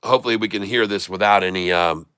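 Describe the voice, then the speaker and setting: A man's voice: lowish voice, fast talker, a bit bright, clear, resonant tone, no room sound. A man hosting a casual live stock video, folksy and muttering to himself as he works his computer. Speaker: stock market video host.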